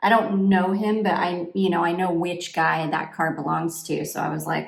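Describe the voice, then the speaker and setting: A woman's voice: on the low side, little pitch movement, moderate pace, creaky. Rambling woman vlogger in an echoey room. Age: 40s. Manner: rambling, full of fillers and restarts. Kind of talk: casual chat while getting ready.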